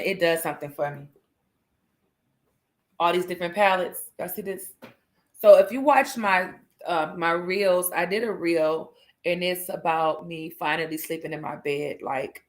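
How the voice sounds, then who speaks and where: A woman's voice: on the low side, unhurried, long pauses. A woman hosting a casual morning livestream, chatty and laughing often as she greets viewers by name. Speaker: livestream host.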